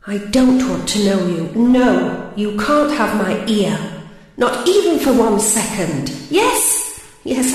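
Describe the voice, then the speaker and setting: A woman's voice: mid-range voice, darkish tone. A woman reciting poetry with a wry, theatrical delivery. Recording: roomy hall with long reverb.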